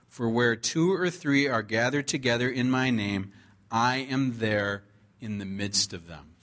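A male pastor in the middle of a sermon, his voice sitting in an ordinary middle pitch. He talks with earnest conviction and repeats scripture lines, stretching them out slowly for weight. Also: a bit bright. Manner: earnest preaching, drawn-out repeated scripture quotes; emphatic, stretches key words slowly.

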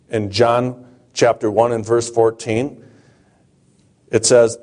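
A man preaching a sermon, reading Bible verses aloud and explaining them in a slow, measured way. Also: lowish voice, level tone, warm tone.

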